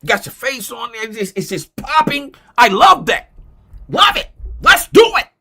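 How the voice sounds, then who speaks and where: A man's voice: very high-pitched, very animated, moderate pace, vocal fry, pushed and bright, heavily acted. A man putting on the voice of an overexcited male business partner who heaps effusive praise. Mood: gushing.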